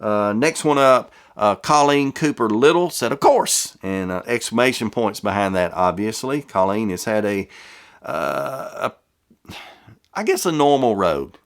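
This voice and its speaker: A man's voice: fairly low pitch, lively intonation, unhurried. A middle-aged man from the American South reading viewer comments in a casual, folksy way and stumbling over names.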